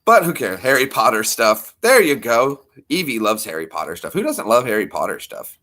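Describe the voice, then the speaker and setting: A man's voice: medium pitch, very animated, normal speed, sharp tone. A middle-aged American man vlogging in a casual, jokey, rambling monologue. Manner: jokey, slips into silly mock accents.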